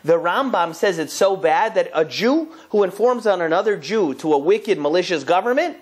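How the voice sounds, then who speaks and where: Animated young rabbi teaching. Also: male voice, normal speed. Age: young adult. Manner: lively, emphatic storyteller with big pitch swings. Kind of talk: Torah lesson to an audience.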